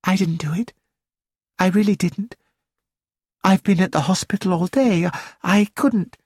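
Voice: mid-range voice, unhurried, a little mellow, breathy edge, dry recording, clean studio sound, pitched above the performer's own voice. A reader voicing a nervous, timid young woman who protests her innocence, in an audiobook. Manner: nervous, pleading. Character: short young woman, timid and easily startled. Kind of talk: audiobook character voice.

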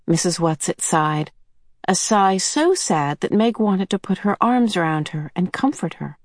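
A woman reads a chapter of a novel aloud with slow, measured storytelling. Her voice sits fairly low and is recorded dry and close. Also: fairly even intonation, dry recording. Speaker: audiobook narrator. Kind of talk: scripted narration.

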